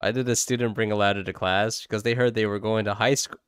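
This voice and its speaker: A man hosts a casual drawing livestream with a smooth, clear voice. He jokes and sounds exasperated, swearing freely as he chats. The recording is close and dry. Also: on the low side, steady tone, fast, no echo. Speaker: livestream host. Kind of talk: casual chat while drawing.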